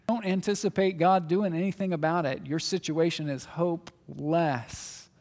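A man preaching a sermon in a conversational way, shifting between loud emphatic asides and quiet reflection. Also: a little high, fairly even intonation, normal speed. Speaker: pastor. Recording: long hall reverb.

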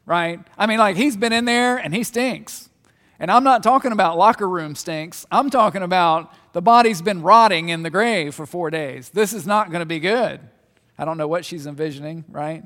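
A man preaching a sermon in a conversational way, shifting between loud emphatic asides and quiet reflection. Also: high-pitched, normal speed. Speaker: pastor. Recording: long hall reverb.

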